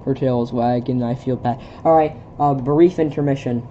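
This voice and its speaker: A woman at home reading a film script aloud for laughs, stumbling over lines in a deadpan way. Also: rumbling low, moderate pace, hardly any pauses, highs cut off, a little hiss or hum. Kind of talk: casual comedic script reading. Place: home with a pet dog.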